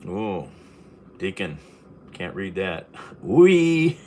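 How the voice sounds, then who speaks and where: Unhurried man with a deep voice, rambling vlog chat while cooking, noisy kitchen behind him. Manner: rambling, chuckling to himself. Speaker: vlogger. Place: home kitchen.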